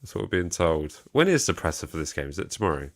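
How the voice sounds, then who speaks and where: With a rumbling low voice, big pitch swings, and a quick pace, this English co-host of a football fan stream jokes around and reads out chat, chuckling and letting sentences trail off. The recording is dry.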